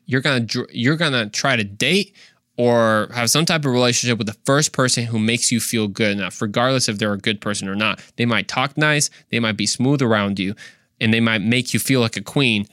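A young man talks straight into the mic on his faith podcast, earnest and easygoing, stacking up rhetorical questions. His pitch sits in a mid range, and the recording is dry and close, with no room sound. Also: fairly quick, bright, forceful tone, no echo. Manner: earnest, fires off rhetorical questions, casual slang. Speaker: podcast host.

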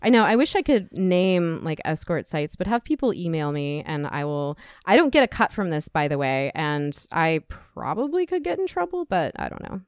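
Brief: frank, heartfelt woman guest, clear resonant voice, dry close sound. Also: low voice, sing-song, moderate pace, few pauses, no echo. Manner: candid, emotional, gets choked up. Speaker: podcast guest, sex educator. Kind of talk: casual podcast conversation.

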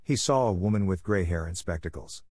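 Low-voiced male storybook narrator. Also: lively intonation, brisk, darkish tone, dry recording, studio quality. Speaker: audiobook narrator.

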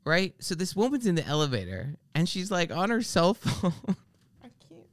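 This high-pitched male voice moves at normal speed in a clean studio recording with no room sound. The man hosts a podcast, spinning ranting, funny stories in relaxed chat while cursing freely. He animates each tale by imitating the people involved.

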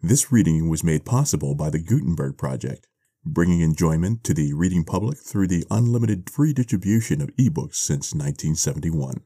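A man hosting a podcast, reading a short story aloud in a measured, deliberate way from a mobile studio. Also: deep voice, lively intonation, mellow, breathy edge, no echo. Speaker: podcast host and reader. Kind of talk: scripted narration of a short story. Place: mobile studio in a converted school bus.

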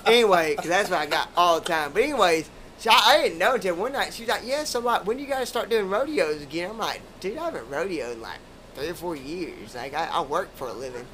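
A man's voice: high-pitched, expressive, fast talker, a bit bright, slight background noise. A man, hosting a podcast and telling rambling, profane stories in casual chat. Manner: profane, rambling, laid-back drawl.

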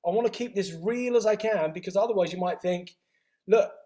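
Energetic stories with frequent restarts and laughs come from a male interview guest, a health author and retreat owner, in easygoing conversation. His voice sits high and moves fairly quickly.

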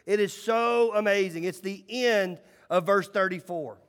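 High-voiced man preaching in an echoey hall. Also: unhurried, smooth. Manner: storytelling, swings between loud and hushed. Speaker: pastor. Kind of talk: sermon.

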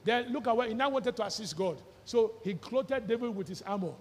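A male pastor preaching a sermon with fervour, shouting out scripture and quizzing his listeners. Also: extremely high pitch, animated, brisk, in a large hall. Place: church hall.

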